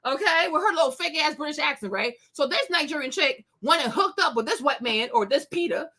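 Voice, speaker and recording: Woman host, bright forceful tone, opinionated rant, blunt and scathing. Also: sits high, expressive, a little fast. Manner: blunt, scathing, with bursts of laughter. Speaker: commentary show host.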